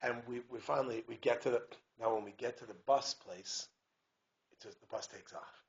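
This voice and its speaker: A man, a rabbi giving a community talk, telling stories in an animated way, acting out voices and dropping "right?" asides and restarts. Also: medium pitch, moderate pace. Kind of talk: lively storytelling lecture. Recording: dull lo-fi recording with faint hiss.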